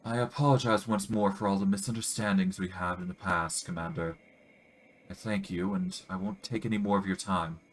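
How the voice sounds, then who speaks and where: A man's voice: low-pitched, steady tone, a little fast, slight background noise, lightly acted, low-quality recording. A man voicing a formal, apologetic male diplomat in a video game, speaking politely.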